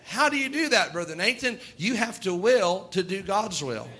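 A man's voice: sits high, big pitch swings, normal speed, sharp tone. A male preacher, delivering a folksy sermon and voicing God and sinners in quoted asides.

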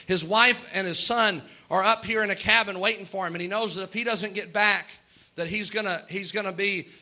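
A man preaching a sermon as pastor, earnest, with quick asides and little laughs. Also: high-pitched, bright, forceful tone.

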